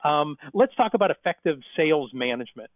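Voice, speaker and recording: A man's voice: fairly high pitch, lively intonation, fairly quick, dry recording. A man hosting an interview podcast, chatting casually and telling self-deprecating stories. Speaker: podcast host. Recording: tinny dry phone-like line.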